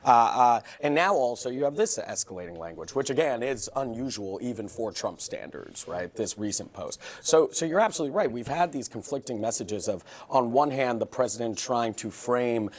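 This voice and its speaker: A male reporter giving broadcast news analysis in a measured, explanatory way, often checking in with "right?". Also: mid-range voice, expressive.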